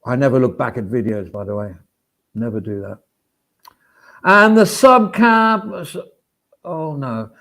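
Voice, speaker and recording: A man's voice: lowish voice, fairly quick, a little mellow. A middle-aged man chatting casually on a livestream, rambling and poking fun at himself with plenty of asides. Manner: rambling and self-deprecating; chatty, with frequent fillers and asides.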